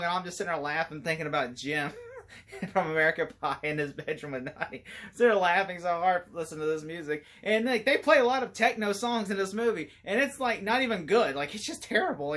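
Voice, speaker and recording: Man, movie reviewer, bright voice, casual rambling talk, animated, laughs a lot. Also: sits high. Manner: animated, laughs often while talking.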